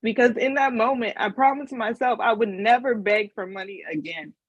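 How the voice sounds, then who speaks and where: A woman's voice: fairly high pitch, steady tone, moderate pace, no room sound, dull audio. A woman giving a casual motivational webinar talk as a money mindset coach, telling her story earnestly and emotionally.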